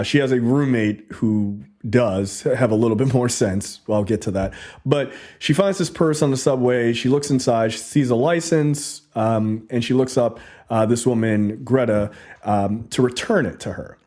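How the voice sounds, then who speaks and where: A man's voice: medium pitch, darkish tone. Guy hosting a movie podcast, rambling easy review, mid voice, lots of uhs. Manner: chatty, loose, many fillers. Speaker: podcast host. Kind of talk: casual movie review monologue.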